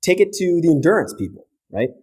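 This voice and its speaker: A man, a physiotherapist guest on a podcast, explaining breathing in an energetic, casual way and often checking in with "right?". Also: fairly high pitch, a little fast, husky. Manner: energetic, keeps tagging points with "right?".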